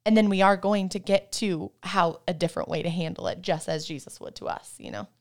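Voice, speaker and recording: A woman's voice: on the low side, brisk. Affirming woman guest on parenting. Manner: warm affirming backchannels, easygoing explanations. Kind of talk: casual faith-based parenting chat.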